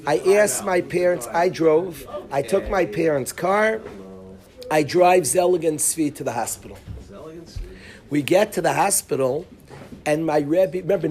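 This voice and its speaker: A middle-aged man teaches a class as a rabbi, his voice sitting a little high. He tells a personal story in a lively way, breaking off for asides and soft chuckles. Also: background noise. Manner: lively, laughs mid-story, restarts and asides. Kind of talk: animated storytelling to students.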